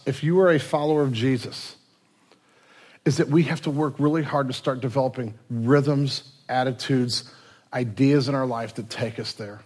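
A man's voice: medium pitch, steady tone, normal speed, darkish tone, breathy edge. A pastor preaching a sermon in a conversational way, acting out little everyday scenes and often restarting his sentences.

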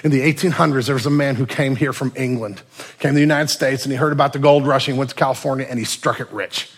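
A man preaching a sermon and telling a story, moving from loud passages to near whispers. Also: medium pitch, fast, slightly rough. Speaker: pastor.

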